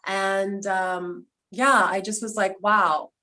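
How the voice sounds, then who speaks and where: A woman hosting a cast reunion on a video call, sharing memories in a loose, heartfelt way. Her voice sits in a middle pitch, and she keeps drifting toward emotion as she talks. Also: steady tone, slow pace, sharp tone, low-quality recording. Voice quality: quadriplegic speaker talking from a seated video call. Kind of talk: casual reunion chat.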